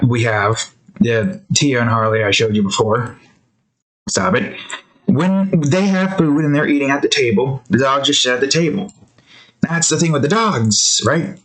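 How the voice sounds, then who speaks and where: A man's voice: mid-range voice, fairly bright tone, poor audio. Rambling casual young man. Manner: rambling, loose, wanders between topics and scolds his cat. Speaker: art vlogger. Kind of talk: casual rambling monologue while drawing.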